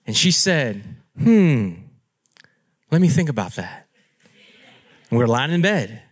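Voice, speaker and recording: A man preaching as a pastor, telling stories in an animated, playful way and laughing at himself. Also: medium pitch, takes it slowly. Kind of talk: storytelling sermon.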